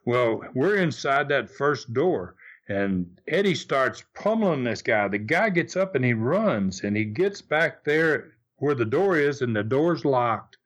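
An older man recounts old memories as a guest in an interview. He talks haltingly and doubles back on his words. His pitch moves up and down a great deal. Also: sing-song, a bit bright. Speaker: guest, former wrestler. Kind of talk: storytelling in an interview.

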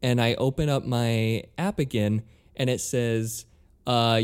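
A man's voice: medium pitch, slow pace, clean tone. A man in casual conversation, animatedly telling an exasperated story with lots of swearing and acted-out dialogue. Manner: animated, exasperated, swears a lot, acts out both sides of calls.

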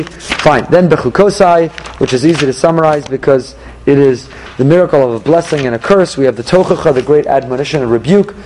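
A man, a rabbi, giving an emphatic Torah class with rhetorical questions and animated delivery. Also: mid-range voice, rough recording.

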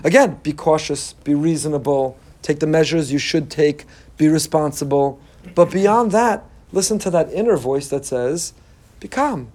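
Emphatic rabbi, mellow and warm. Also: male voice, normal speed. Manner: emphatic, rises in pitch when making a point; reads Hebrew text aloud and translates. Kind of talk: Torah class lecture.

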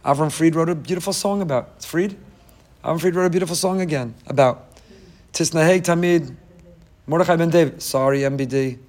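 Guy preaching a torah class, kinda high voice, hammers the same lines over and over, cracks little jokes. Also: a little fast, darkish tone. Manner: emphatic, repeats key phrases, joking asides. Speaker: rabbi teaching a class. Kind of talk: lively Torah lecture.

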